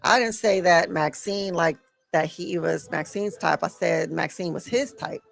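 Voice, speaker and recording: A woman's voice: lowish voice, a little slow, vocal fry, soft background music. A woman co-hosting a casual live stream, playful and teasing. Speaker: co-host.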